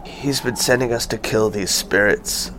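A man's voice: on the low side, fairly even intonation, measured pace, a bit bright, slight background noise. A man player speaking earnestly in character in a tabletop game. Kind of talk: tabletop role-play.

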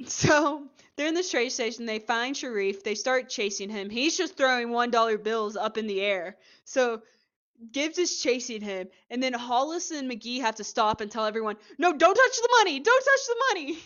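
A woman's voice: a little high, moderate pace, muffled recording. Chatty woman retelling a show episode. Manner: chatty, animated retelling with acted quotes and laughs. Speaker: podcast co-host. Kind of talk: casual chat recapping a TV episode.

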